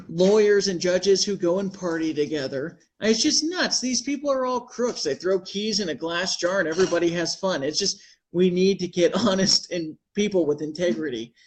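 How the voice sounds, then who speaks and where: A man's voice: sits high, moderate pace. A man hosting a casual talk show, rambling through heated opinions with laughs between phrases. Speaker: host.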